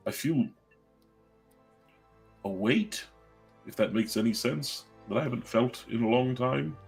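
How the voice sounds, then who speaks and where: A man role-playing his character at a tabletop game, speaking in a measured, formal, dry and hesitant way. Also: fairly low pitch, creaky.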